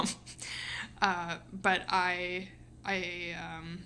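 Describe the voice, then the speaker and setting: A young woman talks on a live stream in a rambling, giggly way, full of ums and restarts. Her tone is bright and forceful even though her voice sounds a little sore. A faint background hiss sits under her voice. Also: medium pitch, measured pace. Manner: rambling, giggly, many fillers. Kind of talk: casual live-stream chat.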